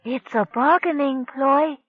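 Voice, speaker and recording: The narrator voicing a calm, worldly alien daughter who soothes her father in an audiobook. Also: high voice, slow, no room sound, phone-quality sound, pitched above the performer's own voice. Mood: coaxing. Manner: soothing, reasoning. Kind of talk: audiobook character voice.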